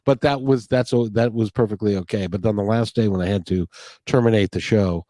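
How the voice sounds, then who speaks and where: A man's voice: lowish voice, fairly quick, dark tone, no echo. A man hosting a podcast interview, talking in an earnest, rambling way full of restarts. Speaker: podcast host. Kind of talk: casual interview talk. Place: near Puget Sound.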